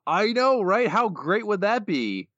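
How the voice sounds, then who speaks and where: A man's voice: sits high, very animated, measured pace, bright, forceful tone, dry recording, muffled recording. A man co-hosting a podcast in casual, rambling, joking talk. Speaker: podcast co-host. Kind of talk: casual chat.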